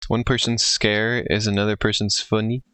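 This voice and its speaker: A man streaming a video game, thinking aloud and reacting quickly as he plays. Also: on the low side, little pitch movement, sharp tone. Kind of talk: casual gameplay commentary.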